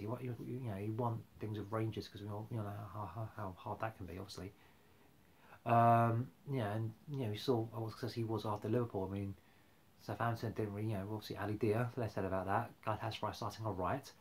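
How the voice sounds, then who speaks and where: A man's voice: fairly low pitch, a little mellow. A man rambling casually about football on a live stream, full of fillers and restarts. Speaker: football fan vlogger.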